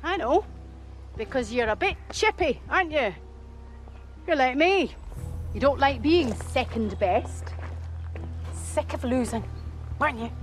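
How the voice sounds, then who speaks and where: An actress playing a sharp-tongued female amateur detective with a taunting, probing, theatrical manner. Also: high-pitched, animated, a little slow, pauses often, faint music behind.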